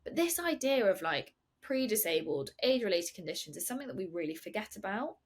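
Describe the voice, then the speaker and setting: A woman hosting a podcast, chatting in an animated way with quick asides and dry sarcasm. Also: medium pitch. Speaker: podcast host. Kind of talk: casual interview talk.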